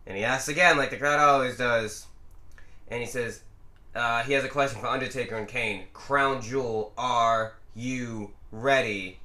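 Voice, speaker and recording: Brief: podcast host, bright forceful male voice, laughs a lot, echoey room. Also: mid-range voice, brisk. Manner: giggly, teasing, rambling. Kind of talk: casual wrestling podcast chat.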